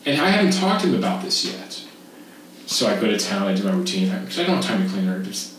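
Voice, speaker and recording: A man in his fifties from Texas, a podcast guest telling a camp story in animated casual chat, laughing and swearing freely. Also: on the low side, fast. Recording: echoey room, distant mic, faint noise.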